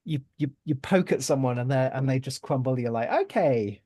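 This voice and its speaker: A man's voice: mid-range voice, fairly even intonation, a little fast, mellow, slightly rough, dry recording. Dry-sounding, hesitant man co-host. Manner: hesitant, with many filler sounds and frequent laughter. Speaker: podcast co-host. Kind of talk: casual chat.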